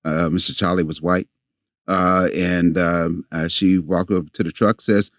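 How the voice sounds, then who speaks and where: Deep-voiced older man telling a story. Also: level tone, fairly bright tone, dry recording, studio quality. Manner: halting, many fillers and restarts. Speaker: guest. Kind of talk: storytelling in a podcast interview.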